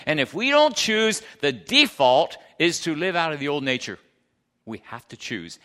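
A man preaching a sermon, emphatic, swinging between loud declarations and hushed asides and asking the congregation questions. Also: fairly high pitch. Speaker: pastor.

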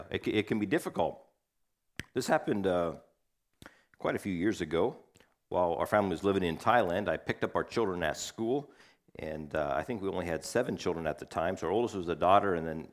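A middle-aged man preaching a sermon, telling a family story in a conversational way and acting out the voices of his family. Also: deep voice.

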